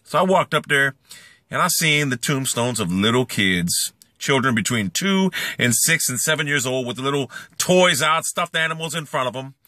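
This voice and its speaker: A man ranting angrily in a video blog, swearing and repeating himself as he moves from brooding talk to shouting. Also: medium pitch, lively intonation, moderate pace, no echo, studio quality. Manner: profane, repetitive, swings between brooding and shouting. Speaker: YouTuber. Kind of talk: angry rant vlog.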